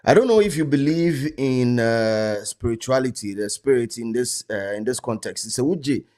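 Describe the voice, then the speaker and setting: A man's voice: mid-range voice, animated, moderate pace, darkish tone. Subdued hesitant Ghanaian host man. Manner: subdued, hesitant, many fillers. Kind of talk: casual commentary.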